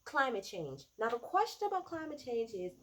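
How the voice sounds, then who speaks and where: Young woman, casual political recap, sarcastic, swearing, loud bursts of outrage. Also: a little high, sing-song, moderate pace. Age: 20s. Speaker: political commentator.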